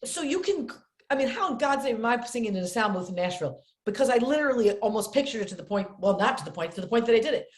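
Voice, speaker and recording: Animated storyteller woman, roomy sound. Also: on the high side, quick pace. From upstate New York. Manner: lively, acts out quoted voices, repeats words for emphasis. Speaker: actress and filmmaker, podcast guest. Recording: roomy echo.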